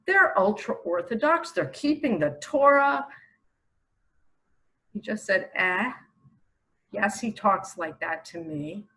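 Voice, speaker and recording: Slow, lively-voiced middle-aged woman preaching. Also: mid-range voice, poor audio. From New York. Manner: emphatic, rhetorical questions, sudden loud bursts. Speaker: self-proclaimed messiah preacher. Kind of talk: impassioned religious monologue.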